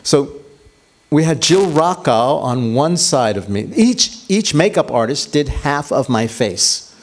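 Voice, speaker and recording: A man's voice: on the high side, very animated, slow pace. A man guest on a panel, telling a casual anecdote and repeating words as he recalls details. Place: public venue event.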